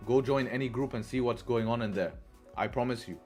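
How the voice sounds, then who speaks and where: This trading stream host has a mid-range, somewhat dark voice and a brisk delivery, with soft music playing underneath. He talks to viewers in a loose, casual way, punctuating points with "right?" and swearing now and then.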